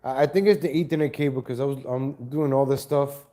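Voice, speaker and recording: A man's voice: mid-range voice, steady tone, quick pace, warm tone. A man hosting a casual live stream from home on a laptop mic, rambling and correcting himself as he greets viewers. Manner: rambling, self-correcting, chats to viewers and cat.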